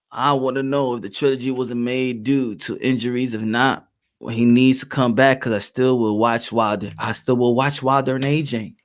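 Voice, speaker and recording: A man's voice: medium pitch, steady tone, normal speed. A man delivering heated, profane vlog commentary on boxing.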